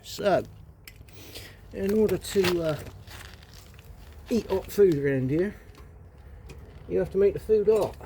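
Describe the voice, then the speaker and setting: A rambling, wry man with a West Country English accent, chatting casually to camera while he cooks outdoors. His voice sits a little high, and he keeps muttering asides to himself. Faint outdoor noise runs behind him. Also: slow, pauses often. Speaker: vlogger. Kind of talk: casual cooking vlog. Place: outdoors at a charcoal fire.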